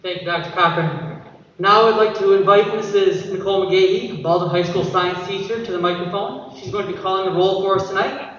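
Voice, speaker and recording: A man acting as ceremony announcer, making formal introductions in a measured way. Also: high-pitched, fairly even intonation, a bit bright. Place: large hall. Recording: echoey hall from far, dull.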